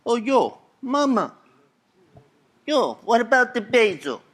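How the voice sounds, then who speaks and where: A man's voice: extremely high pitch, slow, pitched above the performer's own voice, full character voice. A man putting on an eager, pestering young son. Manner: excited, insistent questioning.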